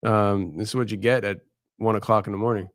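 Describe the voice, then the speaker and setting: A tired man hosting a late-night live show, talking in a halting, rambling, candid way. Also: on the low side, fairly even intonation, dry recording, studio quality. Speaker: podcast host.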